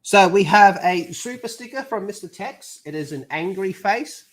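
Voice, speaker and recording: A man's voice: high-pitched, lively intonation, moderate pace. A young man streaming, chatting and ranting in a casual, profane way.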